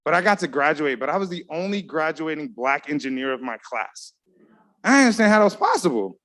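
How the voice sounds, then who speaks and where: A man's voice: fairly high pitch, big pitch swings, fairly quick, a bit bright. A man giving an emotional, earnest award speech from an awards ceremony stage, talking straight to the crowd. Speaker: award presenter.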